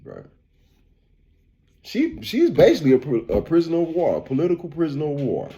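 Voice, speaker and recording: A man who is a barber and vlogger, giving a casual, animated opinion rant and repeating "man" and "bro.". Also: on the high side, a little fast, long pauses, lo-fi sound.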